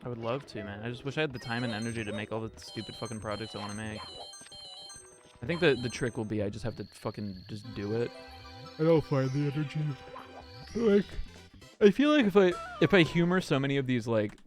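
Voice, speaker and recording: A man's voice: lowish voice, a little fast. A young man chatting casually on a live stream, rambling and swearing with lots of fillers. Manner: rambling, profane, frequent fillers and laughs. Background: music playing underneath.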